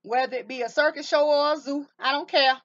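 High-voiced woman giving a tarot reading. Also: fairly even intonation, a little fast, fairly bright tone, highs cut off. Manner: emphatic, repeats rhetorical questions to viewers; calls viewers baby and honey. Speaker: tarot reader. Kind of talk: tarot card reading to camera.

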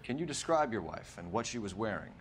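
An actor playing a polite, measured male police detective in a crime game. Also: on the low side, sing-song, a little hiss or hum. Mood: formal. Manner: polite, formal.

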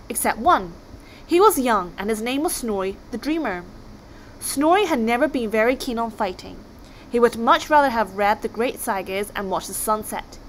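A woman reading a children's book aloud, expressive as she narrates. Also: on the high side, a little hiss or hum, poor audio. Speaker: storybook reader.

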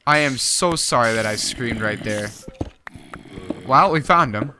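A young man giving casual gameplay commentary, excitable and jumpy, talking to himself as he plays. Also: mid-range voice, slow, pauses often, a little hiss or hum. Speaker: gaming YouTuber.

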